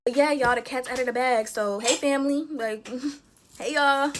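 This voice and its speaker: A woman's voice: high voice, moderate pace, slight background noise. A woman in her twenties chatting through a casual storytime while playing with slime, full of fillers and talking to viewers as y'all. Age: 20s. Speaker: TikTok storyteller.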